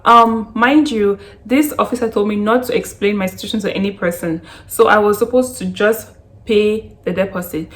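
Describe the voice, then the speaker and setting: A young woman from Canada recounting a personal story on her vlog, in a lively retelling full of "like" and acted-out quotes. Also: medium pitch, normal speed. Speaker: vlogger.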